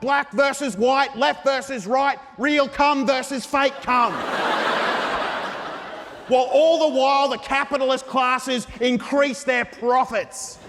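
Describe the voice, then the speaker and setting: A man's voice: very high voice, steady tone, slow pace, a bit bright, a little hiss or hum. A man doing a stand-up comedy set in a mock-earnest, ranting style. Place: large theatre stage. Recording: live hall recording with reverb.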